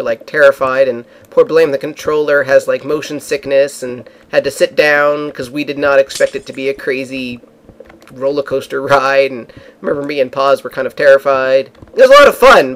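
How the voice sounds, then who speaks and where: Rambling young man telling a travel story. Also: a little high. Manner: rambling, with many fillers and restarts. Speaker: vlogger. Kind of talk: casual storytelling.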